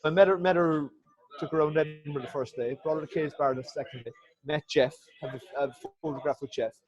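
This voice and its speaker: A man's voice: on the high side, fast, darkish tone, highs cut off. Heartfelt, rambling man. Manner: heartfelt, rambling, swears often. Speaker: podcast guest, former rugby player. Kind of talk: casual chat.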